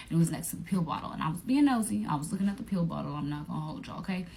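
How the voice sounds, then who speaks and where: Young woman vlogger, lively profane storytelling with a faint hum behind. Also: on the low side, rapid-fire, few pauses. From Atlanta area, United States. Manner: animated, profane storytelling with voices for friends. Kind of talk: storytime vlog.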